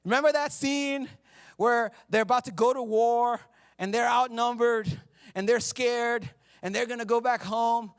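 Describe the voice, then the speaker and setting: Joking high-voiced pastor preaching. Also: male voice, clear, resonant tone. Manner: joking, conversational, laughs at himself. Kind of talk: humorous sermon. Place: church sanctuary.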